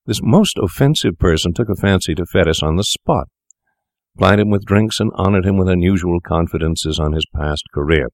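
A man narrating a classic tale in a measured, formal storytelling manner. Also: deep voice, dry recording, studio quality. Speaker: audiobook narrator. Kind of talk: scripted narration.

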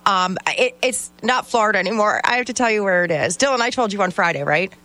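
A woman's voice: mid-range voice, fast. A woman chatting casually on a radio show, telling anecdotes and acting out what people said. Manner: chatty storyteller, animated quoting. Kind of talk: casual on-air chat.

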